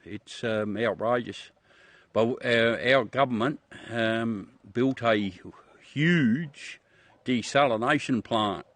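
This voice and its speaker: A man's voice: mid-range voice, takes it slowly, fairly bright tone, dry recording. A man from South Australia with an Australian accent, hosting a casual livestream chat with viewers in a blunt, profane way that keeps calling everyone mate. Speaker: livestream host.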